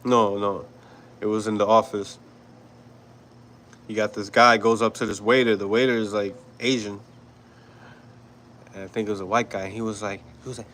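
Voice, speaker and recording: A man's voice: fairly low pitch, flat delivery, normal speed, pauses often, fairly bright tone, low-quality recording. New york guy livestreaming, cursing and laughing a lot, rambly, faint hiss behind. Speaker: livestream host. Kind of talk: casual commentary with chat.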